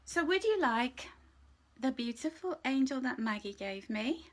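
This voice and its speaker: Very animated and high-voiced, a woman runs a live angel card reading at a slightly slow pace. She's soft and reassuring in approach, laughs often, gets emotional, and occasionally slips into a quiet whisper.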